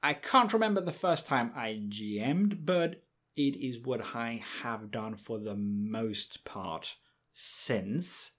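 A man in his forties co-hosting a casual podcast and speaking in a measured, deliberate way as an experienced game master. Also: mid-range voice, expressive, a bit bright.

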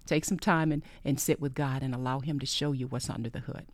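A podcast host giving an earnest faith-based monologue, repeating phrases for emphasis and often sinking into a breathy whisper. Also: mid-range voice, steady tone, fairly quick, dry recording.

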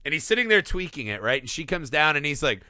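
A man co-hosting a casual film podcast, animated, acting out movie lines as he talks. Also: a little high, fast talker, no echo, clean studio sound. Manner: animated, quotes movie lines in put-on voices. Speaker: podcast co-host.

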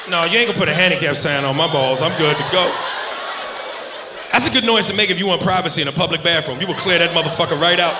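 A man with a high voice rips through a rowdy stand-up set and often breaks into shouts. His talk is loud and profane. He is heard through a handheld mic in a roomy club, with a noisy crowd laughing. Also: racing. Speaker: stand-up comedian. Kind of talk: stand-up routine. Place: comedy club stage.

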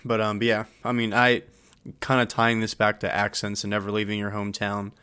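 Podcast co-host, male, lower voice, swears freely, dry close sound. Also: fairly quick, clean tone, no room sound. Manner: swearing, laughing, animated. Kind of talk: casual chat.

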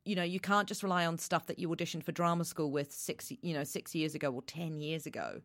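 Woman, low register, producer type, conversational and rambling, dry recording. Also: quick pace, a bit bright, no room sound. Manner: chatty, with many restarts and fillers. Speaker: voice reel producer. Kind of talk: casual interview talk.

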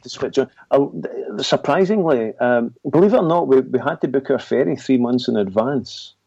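A man recounts a trip on a casual podcast, his speech halting and rambling with small chuckles. His voice is mellow and dark, recorded dry and close on dull, lo-fi audio. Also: medium pitch, vocal fry, husky, dry recording. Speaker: paranormal investigator co-host.

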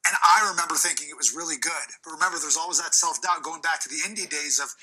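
A man with a husky voice telling a backstage story in an interview clip, animated and slowing down for quotes. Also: a little high, poor audio.

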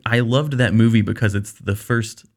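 A man's voice: lowish voice, steady tone, moderate pace, darkish tone. A young man co-hosting a casual movie chat, earnest and enthusiastic, often restarting his sentences. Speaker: podcast co-host.

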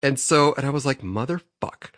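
A man's voice: medium pitch, a little fast, dry recording. Foul-mouthed man telling a story, dry sound. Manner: animated, swears freely, acts out his own outbursts. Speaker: podcast co-host. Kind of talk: casual profane storytelling.

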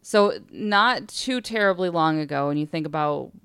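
A woman co-hosting a podcast, telling spooky stories in casual chat, animated, laughing often and acting out the voices in her stories. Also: deep voice, normal speed, clear, resonant tone, no room sound. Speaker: podcast co-host.

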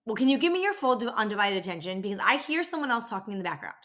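A woman mimicking a demanding middle-aged woman caller who complains insistently in a higher voice. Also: very animated, rapid-fire, fairly bright tone.

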